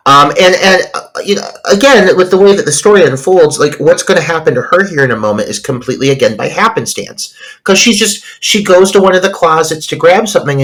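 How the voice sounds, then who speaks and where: A man co-hosting a casual film podcast, his voice sitting fairly high and swinging widely in pitch. He recaps scenes with excited emphasis. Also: low-quality recording. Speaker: podcast co-host.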